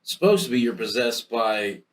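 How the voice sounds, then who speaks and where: A man co-hosting a podcast, chatting crudely and jokily and acting out scenes with loud high yelps. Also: expressive, normal speed, far from the mic. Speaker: podcast co-host. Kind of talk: casual comedic chat.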